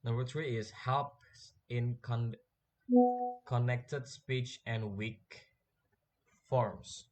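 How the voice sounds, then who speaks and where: Young guy reading his class presentation, slow and careful, trips over words sometimes. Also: medium pitch, steady tone. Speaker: student presenter.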